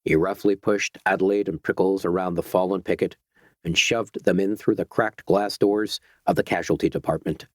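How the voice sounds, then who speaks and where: A male narrator reading a novel aloud in a steady, dramatic way. His voice sits low. The recording is dry and close, with no room sound. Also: dry recording. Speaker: audiobook narrator. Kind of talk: audiobook narration.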